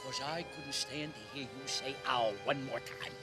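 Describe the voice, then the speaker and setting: A meek retired husband in a TV sketch, stammering through sheepish excuses. His pitch jumps wildly from mumbles to yelps. Music runs underneath. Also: huge pitch swings, moderate pace, pushed and bright. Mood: confessing. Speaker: runaway husband. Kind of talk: TV sketch comedy acting.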